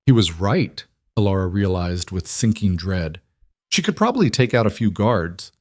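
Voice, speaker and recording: A man narrating a fantasy romance audiobook in a steady storytelling way. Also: on the low side, moderate pace, dry recording, clean studio sound.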